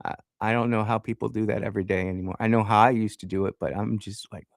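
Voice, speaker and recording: Low-voiced man telling a rambling story. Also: fairly even intonation, quick pace, creaky, no room sound, studio quality. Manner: rambling, self-interrupting, chuckles. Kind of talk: casual storytelling. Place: radio studio.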